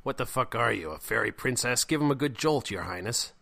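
A man's voice: on the low side, lively intonation, moderate pace, sharp tone. A man voicing a bossy, foul-mouthed young man who gives blunt orders. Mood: impatient. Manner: swearing, blunt, commanding.

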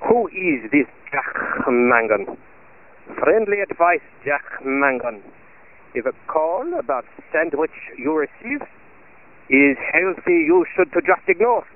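A man's voice: on the high side, very animated, slow pace, exaggerated voice. A man voicing a menacing foreign man who speaks in garbled, broken English and gives a mock warning. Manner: threatening, garbled word order. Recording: tinny phone-like sound.

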